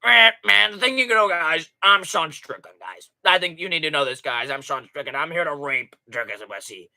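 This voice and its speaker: A man's voice: fairly high pitch, moderate pace, gravelly, bright, forceful tone, heavily acted. A man doing a mock-tough impression of a rambling male cage fighter who keeps saying "guys".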